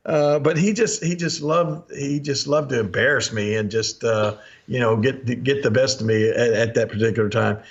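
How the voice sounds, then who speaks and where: Southern man in his sixties, podcast host, chuckling storyteller with a middle-pitched voice. Dull lo-fi sound. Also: moderate pace. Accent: Southern American. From Memphis, USA. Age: 60s. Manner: chuckles often, animated, acts out quotes. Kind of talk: anecdotal storytelling.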